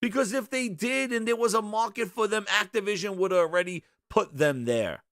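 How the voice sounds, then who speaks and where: A man's voice: high voice, fairly quick, a bit bright, dry recording, studio quality. A man hosting a gaming show, ranting with sarcasm and exasperation in casual commentary.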